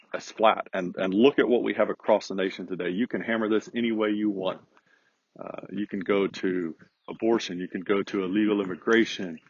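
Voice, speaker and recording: A man's voice: lowish voice, slightly rough. A man hosting a podcast, speaking in an earnest, preachy, emphatic monologue. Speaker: podcast host. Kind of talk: casual monologue. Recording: dull, lo-fi.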